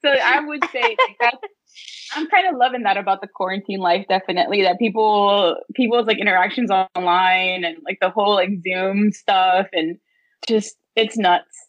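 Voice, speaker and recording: A woman's voice: mid-range voice, moderate pace, no room sound, muffled recording. A woman co-hosting a podcast in casual chat, chatty and slangy, cracking jokes. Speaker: podcast co-host.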